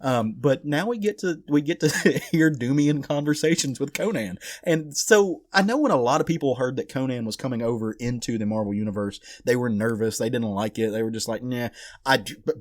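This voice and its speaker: A man's voice: mid-range voice, brisk, hardly any pauses, dry recording, studio quality. A man co-hosting a casual podcast, retelling a comic story with acted-out lines and swearing. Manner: animated storyteller, swears, acts out characters. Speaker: podcast co-host. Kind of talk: casual comic book chat.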